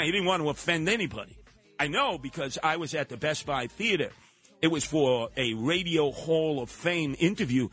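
A man hosting a talk radio show, delivering an opinionated monologue, mocking and mimicking other people. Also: on the high side. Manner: animated, mocking, mimics voices.

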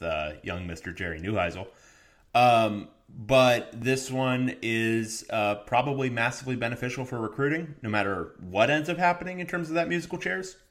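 Male co-host, lowish voice, laid-back, filler-heavy sports chat. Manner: relaxed, many ums, dry humor.

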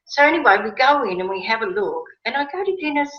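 A woman telling a personal story in a casual interview, animated and emotional, acting out her own past words. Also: a little high, fast, hardly any pauses. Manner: animated, emotional, quotes herself with rising excitement. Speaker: guest. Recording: roomy, slightly dull sound.

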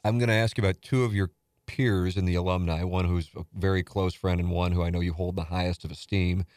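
Very deep-voiced man hosting an interview. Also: steady tone, fast talker, darkish tone, no echo, studio quality. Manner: conversational questioner with brief backchannel replies. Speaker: podcast host. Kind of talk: casual interview.

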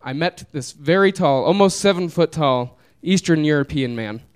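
A man's voice: fairly high pitch, animated, normal speed, smooth. A young man telling a funny story to a live audience, laid-back and laughing through it. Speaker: comedian telling a story on stage. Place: small live venue.

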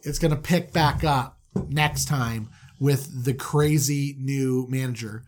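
A man hosting a podcast, retelling a story in fast, slangy, comedic casual talk and jumping into voices. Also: medium pitch. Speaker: podcast host.

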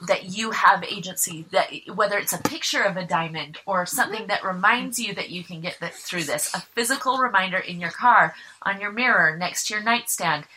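A woman's voice: mid-range voice, pushed and bright, a little hiss or hum, rough recording. A woman co-hosting a casual chat, earnestly putting questions to the group and offering advice.

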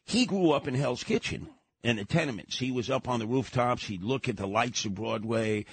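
An older New radio host with a husky voice telling neighborhood stories. He sits at a close, dry studio mic and speaks at a middle pitch. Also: normal speed, dry recording. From New York. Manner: storytelling, animated voices in quotes. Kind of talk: casual radio talk.

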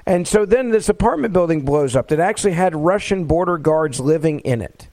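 Middle-aged male podcast host with a high voice and dry sound; fired-up political monologue that presses rhetorical questions. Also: animated, brisk, a little mellow, dry recording.

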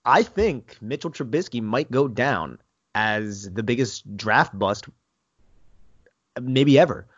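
A man's voice: medium pitch, animated, slow pace, slightly rough, no room sound. A man co-hosting a sports podcast, chatting casually about football. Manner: casual, bantering. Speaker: podcast co-host. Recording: dry, dull sound.

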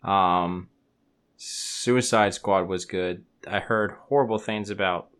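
A man's voice: low voice, steady tone, slow, a bit bright, clean tone. A man hosting a podcast in casual chat, laid-back with teasing banter. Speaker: podcast host.

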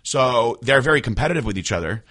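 A man's voice: medium pitch, no room sound, studio quality. A young man hosting a podcast, telling gym stories in casual chat and acting out quotes with laughs. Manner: fast, animated storyteller who acts out quotes with laughs. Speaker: podcast host, bodybuilder.

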